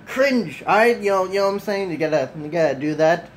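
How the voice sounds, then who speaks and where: A vlogger speaks fast in a high-sitting voice from his desk at home, right after waking up, profane, self-mocking and constantly sidetracked, peppering everything with "like" and "you know." The off-side camera mic yields low-quality audio with slight background noise.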